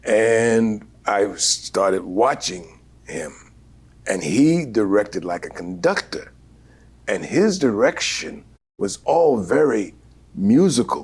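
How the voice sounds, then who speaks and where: An older man, a veteran actor, telling stories in an interview in an unhurried, animated way with many fillers and a husky voice. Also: lowish voice. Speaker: guest actor. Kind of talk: storytelling interview.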